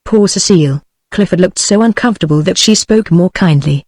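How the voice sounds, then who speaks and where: A woman's voice: fairly low pitch, fairly quick, hardly any pauses, no room sound. Synthetic British woman reading a novel. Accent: British English. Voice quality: even, mechanical reading that sometimes reads out punctuation. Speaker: audiobook narrator. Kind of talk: synthetic audiobook narration.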